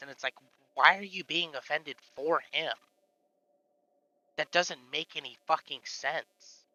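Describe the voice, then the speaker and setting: A man's voice: on the high side, measured pace, bright, forceful tone, dry recording, highs cut off. A man chatting casually on a live stream, rambling with lots of fillers and swearing. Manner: rambling, profane, full of fillers.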